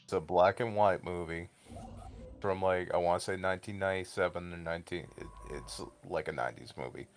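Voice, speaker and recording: A man's voice: deep voice, a little fast, slight background noise. A man streaming and chatting casually, blunt and crude, rambling through long explanations. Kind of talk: casual chat.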